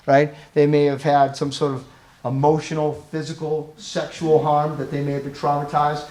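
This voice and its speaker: A man with a slightly high voice gives a live training talk on crisis intervention, asking the audience questions and tagging his points with "right?".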